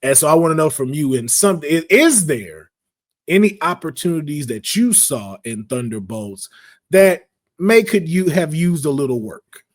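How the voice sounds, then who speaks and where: A man hosting a casual podcast chat, talking in slangy, animated bursts and acting out quotes in playful voices. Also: on the high side, normal speed. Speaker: podcast host.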